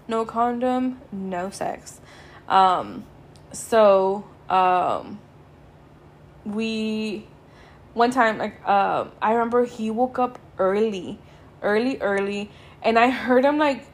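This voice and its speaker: A young woman, hosting a podcast and telling a story in casual, sweary, laid-back speech that drags with tiredness. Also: mid-range voice. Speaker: podcast host.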